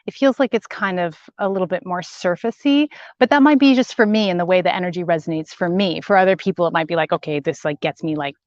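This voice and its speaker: Speaking fast with hardly any pauses, this woman has a lowish voice and no echo around her. As host of a live-streamed spiritual broadcast, she channels messages with warm-hearted chattiness, repeating words emphatically and reading viewer comments aloud, all on dull lo-fi audio.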